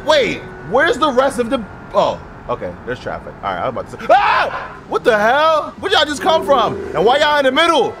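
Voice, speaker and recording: A man giving casual, profane gameplay commentary as a gaming video host, reacting loudly to what happens in the game. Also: extremely high pitch, moderate pace. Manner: excitable, profane outbursts at the game. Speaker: gaming YouTuber. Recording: noisy game audio under voice. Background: driving game engine and traffic sounds.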